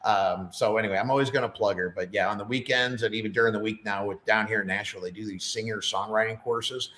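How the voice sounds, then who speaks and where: Podcast guest: middle-aged man, low voice, chatty and rambling, room echo. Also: steady tone, fast talker, fairly bright tone. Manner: rambling, chatty, many fillers. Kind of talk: casual chat. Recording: roomy echo.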